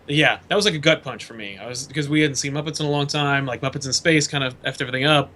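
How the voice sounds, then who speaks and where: A man's voice: mid-range voice, fast, bright, forceful tone. A man co-hosting a casual podcast chat in an enthusiastic, joking way. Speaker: podcast co-host.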